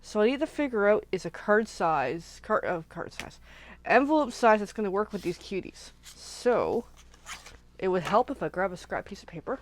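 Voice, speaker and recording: A woman's voice: medium pitch, lively intonation, moderate pace, slight background noise. Chatty woman crafting live. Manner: chatty and rambling, thinks aloud while working. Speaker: craft channel host. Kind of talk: casual live crafting chat.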